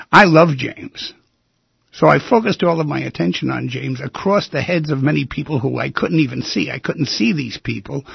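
Gravelly, husky male radio host. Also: mid-range voice, dry recording, muffled recording. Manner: emphatic, intimate storyteller who swings between loud and hushed. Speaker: radio talk show host. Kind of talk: personal storytelling on a radio talk show. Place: radio studio.

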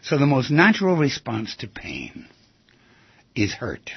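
Husky, gravelly man talking with big swings. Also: measured pace, no room sound. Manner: animated, acts out quoted lines with big swings of pitch. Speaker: speaker on relationships. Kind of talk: lively talk. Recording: dry, dull lo-fi sound.

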